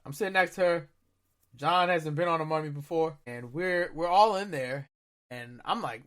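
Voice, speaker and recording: A man in his thirties telling a story in casual podcast chat, acting out his own reactions with loud shouts. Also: on the high side, moderate pace. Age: 30s. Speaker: podcast co-host.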